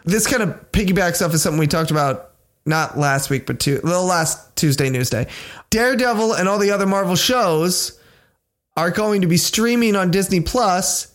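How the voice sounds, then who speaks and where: A young man co-hosting a casual nerd-news podcast. His voice sits a touch high and swings widely in pitch as he jokes and riffs. He swears freely and laughs through his own tangents. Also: normal speed. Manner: joking, animated, swears freely. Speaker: podcast co-host. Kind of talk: casual chat.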